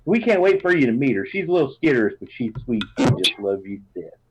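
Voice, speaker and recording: A man's voice: mid-range voice, sing-song, fast, husky. A man voicing a fierce, doting farm mother with an American Southern drawl, reading out a rambling letter home. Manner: warm, rambling, folksy drawl. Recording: dull lo-fi sound.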